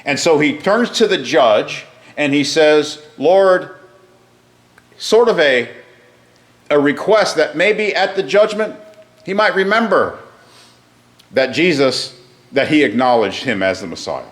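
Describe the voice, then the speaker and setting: A man's voice: a little high, lively intonation, a little slow. A man teaching a Bible class, explaining a passage step by step and putting questions to his listeners.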